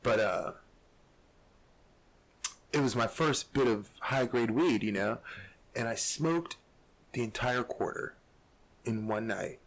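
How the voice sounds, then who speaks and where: A man co-hosting a podcast, talking bluntly and swearing freely in relaxed chat. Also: mid-range voice. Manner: blunt, swears freely, quick backchannel replies. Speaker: podcast co-host. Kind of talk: casual chat.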